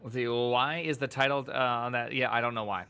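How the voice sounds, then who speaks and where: A man's voice: mid-range voice, fairly quick, clean tone, soft background music. A man chatting casually on a live stream as he reads tech articles, rambling and joking with his chat. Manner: animated, jokey, rambling asides to chat.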